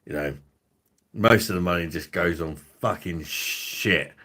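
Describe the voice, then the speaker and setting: A man hosting a casual drinks review stream, with a deep voice and a bright, punchy edge. He rambles loosely, swears freely and laughs often as he chats. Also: unhurried, breathy edge. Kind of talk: casual livestream chat.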